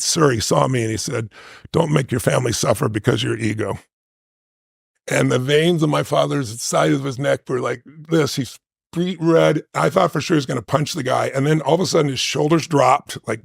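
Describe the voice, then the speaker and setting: Gravelly husky man telling a story. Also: medium pitch, no room sound, studio quality. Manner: emphatic, conversational with frequent "right?" tag questions. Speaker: interview guest. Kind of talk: storytelling interview answer.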